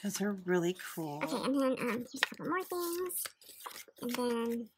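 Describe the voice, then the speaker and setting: A woman hosting a casual craft unboxing, gushing and exclaiming over each item and sometimes dropping to a hushed near-whisper. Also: a little high, big pitch swings, normal speed, a crowd in the background. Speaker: craft channel host.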